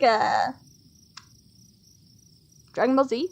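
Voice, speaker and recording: A woman reading a dating game's text aloud as she plays, excitable and quick to laugh, with mock outrage. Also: high voice, highs cut off. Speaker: gaming streamer. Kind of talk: let's play commentary, reading game text aloud.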